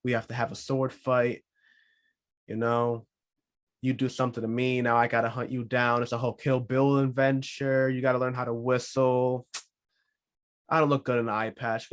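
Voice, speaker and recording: A man's voice: medium pitch, flat delivery, moderate pace. A man hosting a solo podcast, talking casually with rambling, joking asides. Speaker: podcast host.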